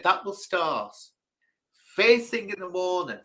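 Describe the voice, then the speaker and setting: Middle-aged man, livestream host, bright forceful voice, animated storyteller. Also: high-pitched, takes it slowly, rough recording. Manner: animated storyteller, mimics people in quotes. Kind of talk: casual livestream chat.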